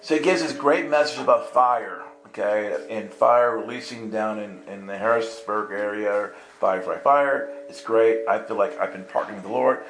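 A man with a raspy, gravelly edge tells a story from the pulpit, acting out each exchange with animated delivery. His voice bounces around a reverberant room. Instrumental music plays clearly beneath him. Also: on the low side, normal speed, few pauses. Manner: animated, acts out voices and laughs through the story. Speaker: preacher. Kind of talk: storytelling sermon. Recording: echoey room with music underneath. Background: soft instrumental music.

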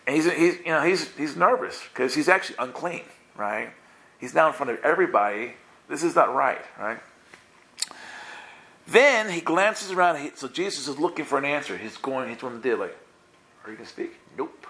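A man's voice: a little high, expressive, pushed and bright. Playful man teaching the Bible. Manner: playful, acts out characters in quick voices.

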